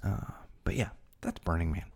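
A man's voice: sits low, moderate pace, vocal fry, darkish tone, breathy edge. A man hosting a podcast, telling a personal story in an earnest, candid way. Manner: earnest, candid, talks from the heart. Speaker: podcast host.

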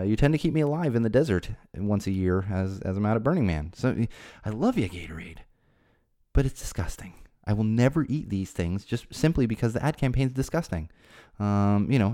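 Exasperated low-voiced man ranting. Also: warm tone. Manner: rambling, exasperated, repeats himself. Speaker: podcast host. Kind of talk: casual ranting monologue.

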